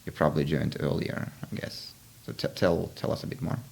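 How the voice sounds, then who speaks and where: A man's voice: rumbling low, fairly quick, vocal fry, darkish tone, breathy edge. A man hosting a podcast interview, explaining ideas in a reflective, casual way with frequent restarts. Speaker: podcast host.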